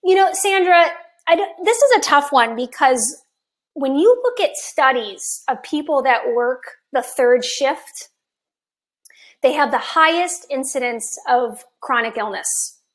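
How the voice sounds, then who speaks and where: A woman in her fifties coaches on health during a live stream, her high, expressive voice a little hoarse from long talking. Chatty and enthusiastic, she goes at a measured pace and laughs now and then.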